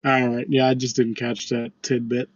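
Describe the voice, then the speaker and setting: A man's voice: medium pitch, flat delivery, normal speed, no echo, dull audio. A man co-hosting a podcast, telling stories in casual chat with lots of fillers and swearing. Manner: rambling storytelling, heavy swearing. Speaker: podcast co-host.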